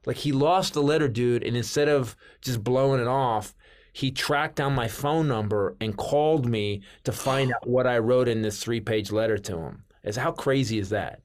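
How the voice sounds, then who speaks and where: Male comic guest, mid-pitched, loose rambling storyteller, keeps restarting and quoting. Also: normal speed. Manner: rambling, restarts lines, quotes others with "I go". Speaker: comedian guest. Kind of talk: storytelling in casual chat.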